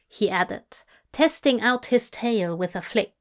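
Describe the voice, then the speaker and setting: A woman giving a steady, measured narration of a fan-fiction story. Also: medium pitch. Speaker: audiobook reader.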